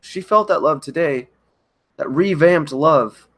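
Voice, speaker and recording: Man in a halting, emotional confession. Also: on the high side, a bit bright. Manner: halting, emotional, frequent restarts. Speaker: channel host. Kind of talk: confessional livestream monologue. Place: at home by a kitchen counter.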